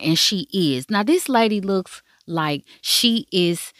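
A woman's voice: mid-range voice, big pitch swings, a little slow, hardly any pauses, no room sound, clean studio sound. A woman hosting a podcast, giving a casual, profane recap of a drama with playful asides to listeners. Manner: frank, profane, chatty storytelling. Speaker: podcast host.

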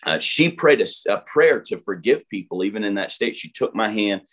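A male pastor, interviewed as a guest, tells the story of an event at a brisk clip in a fairly low voice. He's animated, restarts often, uses many fillers, and acts out other people's words as a testimony.

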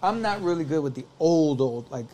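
A man's voice: fairly high pitch, fairly quick, a little hiss or hum. A man casually telling a long story, rambling and acting out what people said. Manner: rambling, animated, acts out quotes. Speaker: podcast guest telling stories.

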